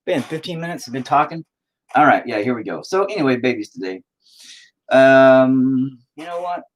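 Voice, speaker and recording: In a sing-song, mid-range voice at a moderate pace, a young American painting livestream host rambles and tells crude jokes, reading chat aloud as he paints.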